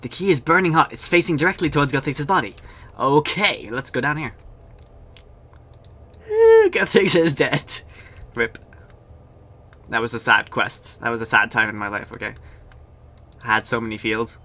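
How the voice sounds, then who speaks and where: A young man streams a game and gives casual, jokey commentary, chatting with his viewers. His medium-pitched voice has a sharp tone and moves a little fast.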